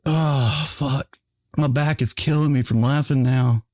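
A man's voice: mid-range voice, steady tone, a little slow, a little mellow, no room sound. A man hosting a casual podcast chat. He laughs often, swears freely and tells stories with lots of animation. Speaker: podcast host.

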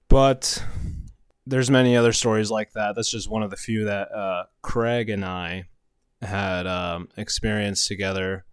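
A man's voice: fairly low pitch, steady tone, slow pace, pauses often, clean tone, dry recording, clean studio sound. A middle-aged man telling a casual anecdote in a rambling way, often chuckling in the middle of his sentences. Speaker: storyteller.

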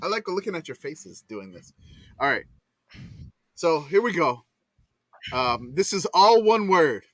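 A man's voice: a little high, sing-song, measured pace, pauses often, no echo. A man hosting a casual podcast word game over a video call, laughing often and spelling words out letter by letter.

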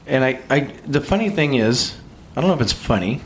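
Animated man telling a road-trip story. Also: mid-range voice, brisk, a little hiss or hum. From California. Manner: animated, profane storytelling with quoted voices. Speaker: podcast host. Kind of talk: casual storytelling.

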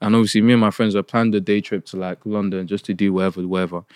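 A young man from Nigeria co-hosting a podcast, telling stories in animated, slangy casual chat. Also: lowish voice, racing, clear, resonant tone, dry recording, clean studio sound. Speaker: podcast co-host.

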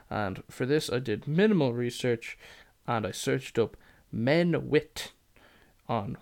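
A man's voice: mid-range voice, vocal fry. Sweary young man telling stories. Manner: sweary, rambling, deadpan asides. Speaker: podcast host. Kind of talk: casual comic storytelling.

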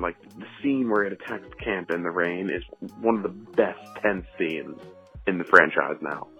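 In a voice message, a low-pitched man with some breathiness rambles through a talkative review, leaning heavily on filler words. Faint music sits under the dull, muffled phone recording.

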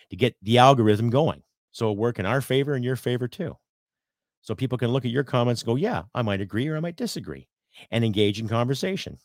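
A man's voice: mid-range voice, dry recording, studio quality. A man hosting a political podcast, ranting heatedly with rhetorical questions and some swearing. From Canada. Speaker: podcast host.

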